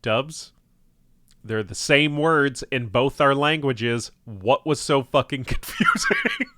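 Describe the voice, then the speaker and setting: A man streaming a game with a bright, forceful voice. He talks in an unhurried, lively way, swearing freely and wandering off into tangents. The sound is close and dry. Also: mid-range voice, no echo. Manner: profane, rambling, laughs a lot. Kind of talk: casual live-stream chat.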